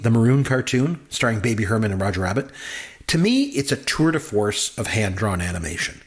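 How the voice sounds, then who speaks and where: A man co-hosting a podcast, chatting casually and enthusiastically about a film, rambling with many fillers. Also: medium pitch. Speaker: podcast co-host, film reviewer. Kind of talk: casual movie review chat.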